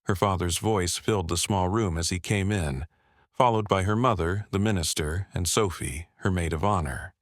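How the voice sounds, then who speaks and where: A man narrating a scripted story in a measured, even way. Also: sits low, no echo. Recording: dry close-miked voice-over.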